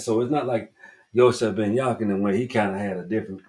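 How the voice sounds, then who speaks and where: Deep-voiced Southern man, rambling and emphatic. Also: steady tone, fast, a little mellow, low-quality recording. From Southern United States. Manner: rambling, emphatic, swears freely. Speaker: podcast host. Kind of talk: casual book review monologue.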